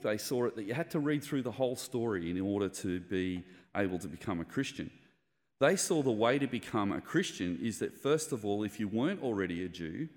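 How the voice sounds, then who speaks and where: A man with a fairly low voice preaches in a conversational, explanatory way, now and then acting out quoted lines with energy. His voice rings with the long reverb of a church hall. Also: a little mellow. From Australia. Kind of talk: sermon.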